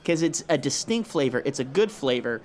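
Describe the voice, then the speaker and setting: A man's voice: mid-range voice, lively intonation, a little fast, a little mellow. A man in casual podcast chat, telling profane stories and acting out his own reactions.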